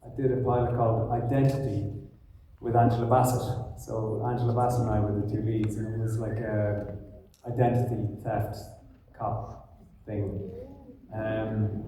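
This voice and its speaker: An Irish actor answering questions on a convention panel in a loose, rambling way with lots of fillers and laughs, heard through a phone in the audience. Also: male voice, mid-range voice, dark tone, slight background noise. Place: large convention hall. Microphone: stage mic, recorded on a phone in the audience. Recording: echoey hall, phone from far off.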